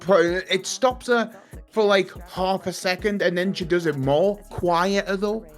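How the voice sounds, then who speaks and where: A man's voice: high voice, a little slow, soft background music. A young man chatting casually, ranting animatedly and swearing a lot. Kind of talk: casual chat on a stream.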